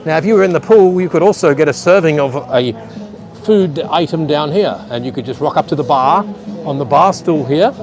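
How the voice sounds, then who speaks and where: A man's voice: fairly high pitch, lively intonation, a little fast, music in the background. Chatty man vlogging live outdoors. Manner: chatty, rambling, addresses viewers at home. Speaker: livestream vlogger. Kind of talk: live walking tour commentary. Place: outdoor beach resort pool area. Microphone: handheld phone camera.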